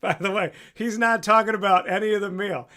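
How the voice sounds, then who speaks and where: A young man hosting a casual talk show, telling anecdotes in an animated way and acting out the people in them. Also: high voice, a little fast. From central New York. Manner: animated storyteller, acts out voices in anecdotes. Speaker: podcast host. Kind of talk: casual chat.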